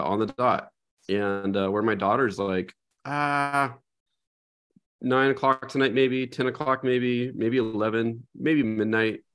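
A middle-aged man co-hosting a podcast, talking through ideas in a thoughtful, reflective way and often checking in with "right?". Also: lowish voice. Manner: thoughtful, reflective, frequent "right?" tag questions. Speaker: podcast co-host. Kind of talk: casual conversational chat.

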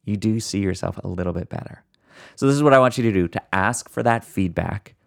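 Deep gravelly-voiced man coaching listeners. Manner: earnest, encouraging, addresses listeners directly; fast talker who deliberately slows down at times. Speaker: podcast host. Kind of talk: motivational solo podcast talk.

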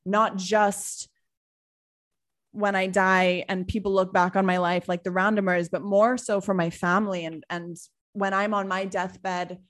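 A woman in her thirties from Trinidad, speaking in a thoughtful interview with many pauses as she searches for words. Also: mid-range voice, level tone. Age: 30s. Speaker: guest, business owner. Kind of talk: reflective interview answer.

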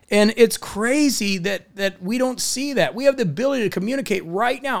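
A middle-aged man with a high, gravelly voice delivers a motivational talk. He is upbeat and enthusiastic, and he moves easily from advice into stories. Now and then he acts out the people in those stories. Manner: energetic, enthusiastic, storytelling with acted quotes. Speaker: motivational speaker.

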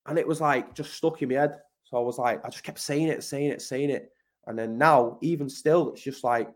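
A podcast guest from Manchester with an English accent speaks in a medium-pitched voice at a moderate pace. In a casual conversational interview, he is blunt and emphatic, swearing often and calling the host mate.

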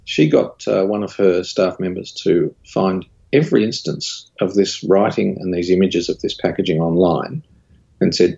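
Deep gravelly man. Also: normal speed, dull audio. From Australia. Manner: candid, recounts dialogue with rising animated pitch. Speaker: guest, studio owner and creative director. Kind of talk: casual interview storytelling.

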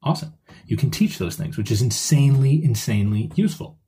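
A man's voice: mid-range voice, animated, fast talker, mellow. A man hosting his own podcast as a dog trainer, explaining things step by step in a conversational way.

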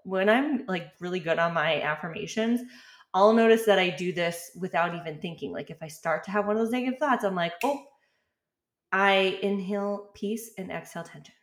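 A woman's voice: mid-range voice, normal speed. A woman in her thirties hosting a podcast, talking casually and chattily with frequent fillers and light laughs. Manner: chatty, relaxed, lots of "like" and laughs. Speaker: podcast host. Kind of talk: casual solo podcast talk.

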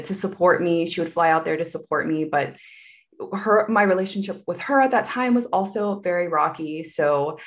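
A woman guest telling a personal story in conversation, candid and meandering, with many asides. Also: fairly low pitch.

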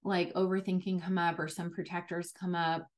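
A woman's voice: fairly low pitch, flat delivery, moderate pace. Chatty young woman telling a story. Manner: chatty, frequent "like" fillers. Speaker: podcast host. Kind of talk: casual personal storytelling.

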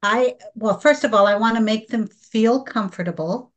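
A woman guest speaking slowly and earnestly about angelic healing, at times emotional. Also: fairly high pitch, muffled recording. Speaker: guest practitioner. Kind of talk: spiritual podcast conversation.

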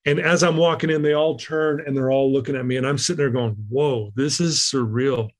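A man telling a personal story in a conversation, lively and acting out the lines of people he quotes. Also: on the high side, quick pace. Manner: animated, acts out quoted lines. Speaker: guest speaker.

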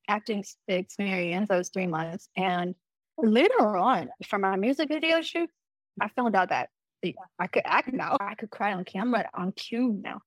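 A young adult woman musician, a guest in a casual interview, telling lively stories with casual swearing and acting out what others said. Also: mid-range voice, no room sound. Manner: animated, acts out quoted dialogue, casual swearing.

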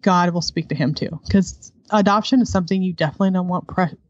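A woman's voice: on the low side, quick pace, no room sound, highs cut off. A woman guest, an adoptive homeschooling mother, speaking candidly in a conversational interview and laughing often.

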